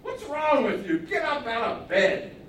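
A man voicing a scornful, domineering queen in a shrill, mocking falsetto. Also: sing-song, measured pace, fairly bright tone, far from the mic, slight background noise, exaggerated voice. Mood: scolding. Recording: echoey hall, mic from afar.

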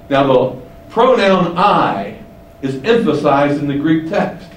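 Guy teaching bible, a bit high voice, faint hiss behind, far from mic. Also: expressive, takes it slowly. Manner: explains, asks rhetorical questions, shifts pitch for emphasis. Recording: echoey room, distant mic, faint hiss.

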